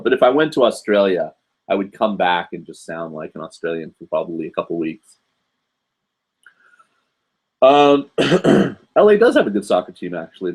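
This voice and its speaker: Chatting casually with viewers on his live stream, a US man in his forties speaks in a low voice. His talk wanders through asides and is heavy with fillers like um and uh.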